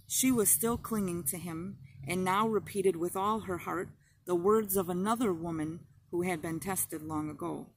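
A woman narrating an audiobook in a slow, measured reading style. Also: fairly low pitch, a little hiss or hum, poor audio.

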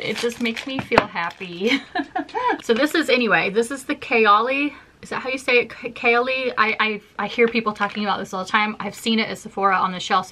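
A woman's voice: medium pitch, sharp tone. Bubbly woman gushing over beauty products. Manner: bubbly, gushing, laughs often. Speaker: vlogger. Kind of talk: casual chat.

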